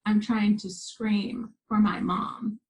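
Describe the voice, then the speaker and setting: A woman of middle pitch recounts a story in an earnest, vivid way, often stopping to restart her sentences. She speaks as an interview guest. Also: steady tone, takes it slowly, rough recording. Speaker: guest, spiritual teacher.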